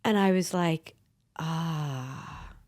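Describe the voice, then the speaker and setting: A woman's voice: on the low side, big pitch swings, normal speed. A woman in her thirties, a podcast host, telling a family story in a casual chat and acting out the voices of herself and her son.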